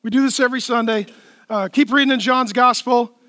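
A male pastor preaching a lively, playful sermon in a church, acting out the people in the story. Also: very high voice, a little fast, dry recording, studio quality. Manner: animated, playful, acts out voices and laughs at own jokes.

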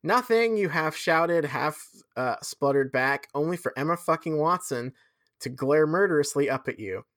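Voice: medium pitch, moderate pace, fairly bright tone, no room sound, clean studio sound. A podcast host reading fan fiction aloud with dramatic flair, breaking off for sweary asides.

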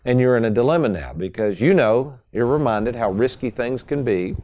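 A man's voice: medium pitch, expressive, normal speed, a little mellow. A man hosting a radio talk show as a financial advisor, folksy and salesy, speaking to listeners as folks.

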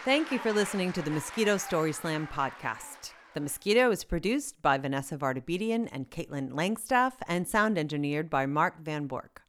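A woman hosting a podcast, reading its closing credits from a script in an even delivery. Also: sits low, normal speed, few pauses, some chatter behind. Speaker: podcast host.

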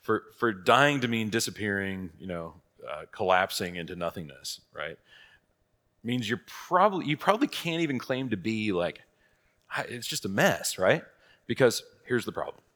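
A man's voice: fairly low pitch, big pitch swings, normal speed, fairly bright tone. A man teaching a church catechism class in a casual, conversational way, asking rhetorical questions and laughing at his own asides.

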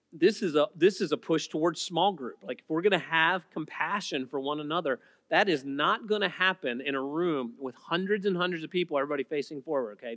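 A man preaching a sermon as pastor, emphatic, swinging between loud repeated lines and quiet asides. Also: fairly high pitch, no echo, studio quality, big-room sound. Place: church auditorium.

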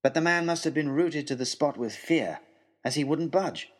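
A man narrating a children's adventure story in a dramatic, expressive storytelling manner. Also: a little high, moderate pace.

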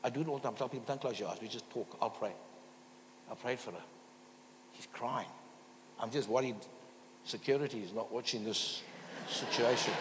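A man's voice: mid-range voice, normal speed, pauses often. Male guest preacher, storytelling sermon, long church reverb, faint hum. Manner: storytelling preacher calling for amens. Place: church hall.

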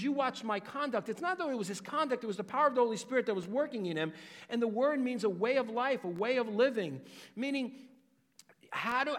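A high-pitched male preacher delivering an emphatic sermon. His voice lifts into strong declarations and then sinks to hushed, quiet endings, all carried in a hall with a long, lingering reverb. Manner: emphatic, rising and dropping to near whispers.

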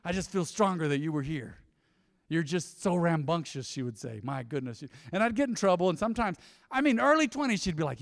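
A middle-aged man preaching a lively sermon, swinging between loud exhortation and soft asides. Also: on the high side, fairly quick, vocal fry. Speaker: pastor. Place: church sanctuary. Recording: church hall reverb.

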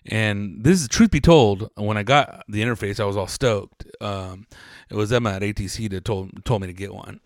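A man's voice: lowish voice, a little fast, no echo, studio quality. A man in his forties hosting a podcast, rambling casually and swearing freely as he tells stories. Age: 40s. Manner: rambling, profane, laid-back storytelling. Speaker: podcast host.

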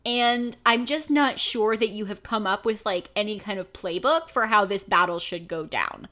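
A woman co-hosts a podcast with a mid-range, bright, forceful voice at a moderate pace. Her casual chat is sarcastic and full of swearing, with exasperated asides.

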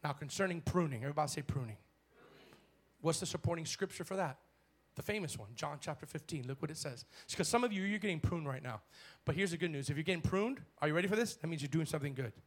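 A male pastor preaching a bold sermon in church, swinging from shouted lines to hushed ones. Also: on the high side, quick pace.

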